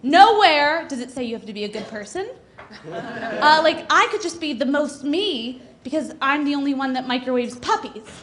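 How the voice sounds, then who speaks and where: High-voiced young woman doing stand-up. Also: normal speed. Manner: hesitant, deadpan delivery with many fillers. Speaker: stand-up comedian. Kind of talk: stand-up comedy set. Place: comedy club stage. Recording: noisy live club recording.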